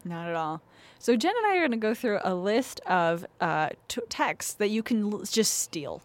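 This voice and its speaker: A woman's voice: medium pitch, big pitch swings, moderate pace. A woman co-hosting an advice podcast in frank, chatty casual talk, laughing easily. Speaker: podcast co-host giving advice. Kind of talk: casual chat.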